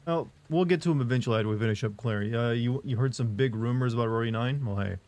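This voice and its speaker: Young guy streamer, rambly and jokey, reads chat out loud, kinda sore. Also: mid-range voice, fast talker. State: sore arms from lifting. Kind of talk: casual live-stream chat.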